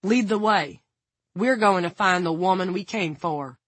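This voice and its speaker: A man's voice: high voice, unhurried, fairly bright tone, no echo. A woman voicing a cool, calculating male insurance man with a dry, clipped manner. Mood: curt.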